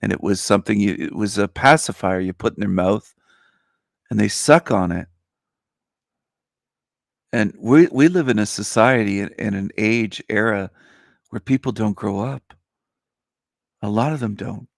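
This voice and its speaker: A man with a low, gravelly voice talks on his livestream, boastful and mocking, dragging out his words for emphasis. His voice is still groggy from a nap. The sound is close and dry. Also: unhurried, long pauses, dry recording. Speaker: livestream host. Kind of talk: casual livestream rant.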